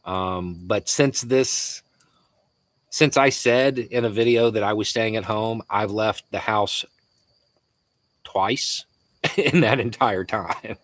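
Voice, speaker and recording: Laid-back Southern man, low voice. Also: takes it slowly, long pauses, dry recording. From Florida. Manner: relaxed, chuckles often, hesitant restarts. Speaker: livestream host. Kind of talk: casual live Q&A reading viewer messages.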